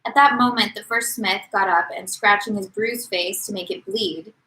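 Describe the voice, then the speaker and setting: A woman's voice: medium pitch, moderate pace, bright, forceful tone, rough recording. A woman co-hosting a podcast, reading a novel aloud and acting out the quotes. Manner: reads with dramatic voices for quotes. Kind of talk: casual read-aloud podcast.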